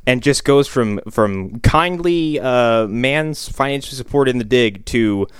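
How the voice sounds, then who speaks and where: A man's voice: mid-range voice, a little slow, smooth, dry recording, studio quality. A man co-hosting a casual, profane movie discussion who keeps acting out the characters. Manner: profane, animated, acts out characters. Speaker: podcast co-host.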